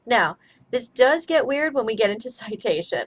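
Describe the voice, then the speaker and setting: A woman's voice: fairly high pitch, sing-song, normal speed, low-quality recording. A woman teaching a grammar lesson, explaining step by step in a chatty way.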